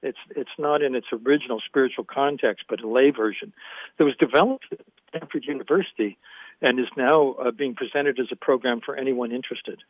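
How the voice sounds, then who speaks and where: An older man, a guest author in an interview, explaining ideas in a measured way with light hesitations, heard over a tinny phone line. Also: mid-range voice, no room sound. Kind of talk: conversational interview.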